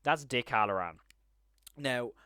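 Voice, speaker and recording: A man's voice: mid-range voice, a little slow, sharp tone, clean tone, no echo, clean studio sound. A man giving a casual, enthusiastic and rambling review of a TV series, now and then acting out lines from the scenes. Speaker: show reviewer.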